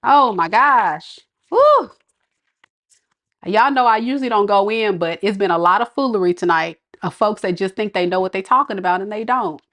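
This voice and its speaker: A woman's voice: medium pitch, fast, hardly any pauses, a bit bright. A woman tarot reader scolding her live viewers in an exasperated, laughing rant.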